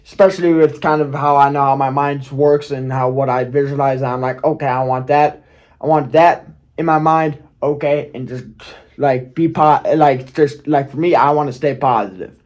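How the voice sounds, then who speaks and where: A man's voice: medium pitch, fairly even intonation, moderate pace, darkish tone. A man telling a personal story on his video channel, rambling and often checking in with "okay?". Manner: rambling, keeps asking "okay?", restarts, swears. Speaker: YouTuber. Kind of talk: casual storytelling vlog.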